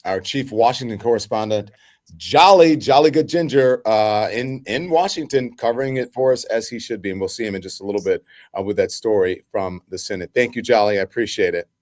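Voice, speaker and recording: Male talk show host, lower pitch, animated and chatty, plenty of ums and restarts. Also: a little fast, no room sound, studio quality. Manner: animated, laughing, with many fillers. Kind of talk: live news talk show.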